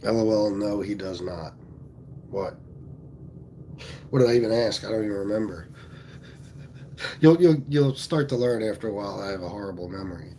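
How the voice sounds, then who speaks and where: A man's voice: fairly low pitch, normal speed, pauses often, dark tone, slight background noise. A man from Pennsylvania hosting a casual livestream, talking bluntly with plenty of swearing and reading viewer comments aloud. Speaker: livestream host.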